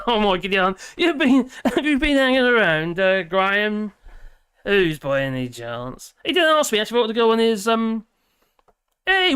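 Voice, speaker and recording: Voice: mid-range voice, a bit bright, smooth, dry recording, clean studio sound. Rambling British live-stream host. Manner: chatty and rambling, humming and laughing between comments. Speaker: livestream host. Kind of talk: casual live-stream chat, reading viewer comments.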